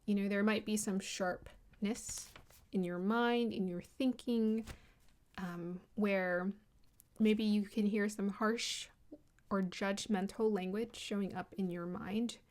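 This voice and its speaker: A woman of middle pitch gives a relaxed card reading, her speech gentle and unhurried. She talks in a flowing, spiritual manner and drifts into soft laughter at times. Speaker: tarot card reader. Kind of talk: casual spoken card reading.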